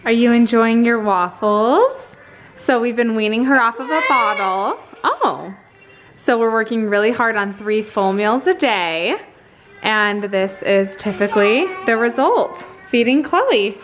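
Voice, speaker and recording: A woman's voice: fairly high pitch, measured pace, a bit bright, a little hiss or hum, low-quality recording. A young woman vlogging as a mom, chatting openly and emotionally to her viewers and switching to a sweet singsong with her children. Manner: open and emotional, sweet singsong when talking to her kids. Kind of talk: casual vlog chat to camera.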